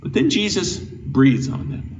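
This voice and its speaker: A man's voice: high-pitched, very animated, a little slow, darkish tone. A man preaching an earnest, conversational sermon as a pastor, often restarting his sentences. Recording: dull, lo-fi sound from a distant mic with faint noise.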